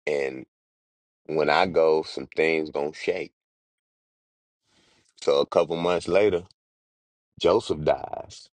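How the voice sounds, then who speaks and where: Very deep-voiced man, slangy retelling. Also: fairly even intonation, dry recording. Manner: slangy, quick, acts out characters in everyday street talk. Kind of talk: casual comedic retelling of a Bible story.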